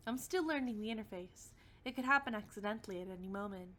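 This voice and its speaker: A woman reading as a deadpan, teasing troll spirit. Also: medium pitch, fast talker, close to an everyday voice.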